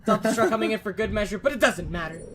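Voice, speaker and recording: A man casting an esports match, shouting on big plays and laid-back in the banter between. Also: high voice, very fast, background noise. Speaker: esports caster. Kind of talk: esports play-by-play commentary.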